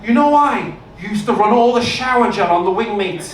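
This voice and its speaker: A boastful young ex-con drawls his brag in a thick Liverpool accent, as a stand-up comedian puts him on. The voice sits high and rings around a live room, heard from a distance over a noisy crowd. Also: animated, moderate pace. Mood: bragging. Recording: echoey club, distant mic, room noise.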